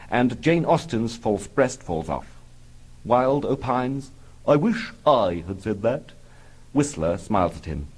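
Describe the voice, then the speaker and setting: A man reading his own comic book aloud in a dry, deadpan manner. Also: fairly low pitch, husky, poor audio. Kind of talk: audiobook narration.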